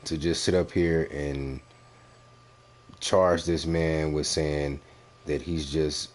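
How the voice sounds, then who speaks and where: A man hosting a reaction commentary, bluntly and mockingly picking apart a clip, repeating his points for emphasis. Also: a bass voice. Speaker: commentary host reviewing clips.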